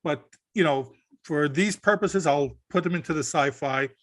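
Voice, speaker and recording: A man's voice: on the high side, moderate pace, fairly bright tone, no echo. A man co-hosting a casual podcast, rambling a little and restarting his sentences. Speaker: podcast co-host.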